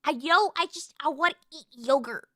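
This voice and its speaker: A woman streaming as a VTuber in casual chat, loud, swearing often and tripping over her words. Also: high voice, normal speed, no echo. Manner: loud, swears a lot, stumbling restarts. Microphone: streaming mic.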